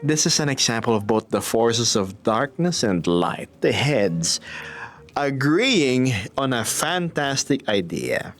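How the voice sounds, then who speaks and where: A man casually chatting on a live stream, reading viewer comments aloud, playful and quick to laugh. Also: mid-range voice, sing-song. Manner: playful, laughs often, reads chat aloud.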